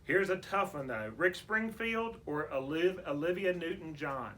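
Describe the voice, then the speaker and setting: Southern guy hosting a radio chat, kinda high voice, folksy, faint hiss behind. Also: expressive, measured pace, a bit bright. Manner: folksy, plays quiz games with guest. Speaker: radio show host. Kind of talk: casual radio interview.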